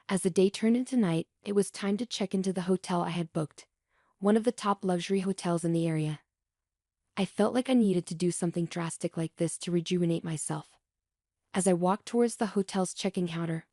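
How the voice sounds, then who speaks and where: A woman narrating a first-person revenge story in a calm, even scripted reading. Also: on the low side, dry recording, clean studio sound.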